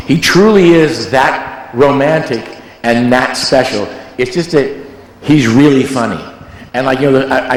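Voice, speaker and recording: A man who is a music producer, telling rambling, joking stories in a casual interview. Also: mid-range voice. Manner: rambling, animated storyteller, joking. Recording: echoey hall.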